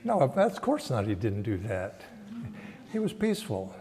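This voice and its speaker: An older man giving a Sunday sermon and telling a personal story in a reflective, halting way, often restarting his phrases. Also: on the low side, big pitch swings. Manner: slow, reflective, halting phrasing with frequent restarts and soft laughs. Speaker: spiritual teacher giving a Sunday talk.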